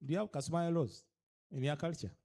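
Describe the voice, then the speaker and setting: Fast and animated, a man with a Ugandan accent lectures cultural leaders at an orientation in a fairly high, mellow voice. He presses them emphatically with a string of rhetorical questions, switching between English and a local language.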